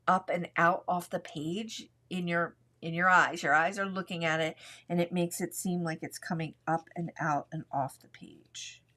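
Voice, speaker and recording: A woman leads a live coloring lesson from her craft desk, speaking in a relaxed, chatty way. She talks through every pencil stroke as she works, and her voice sits close to a desk mic. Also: mid-range voice. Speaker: art instructor.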